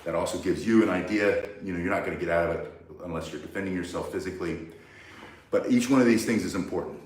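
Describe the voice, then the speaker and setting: A man's voice: deep voice, fast, a little mellow, a little hiss or hum. A man teaching self-defense, bluntly and emphatically walking through each move step by step. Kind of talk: instructional demonstration. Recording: very echoey, mic far from speaker.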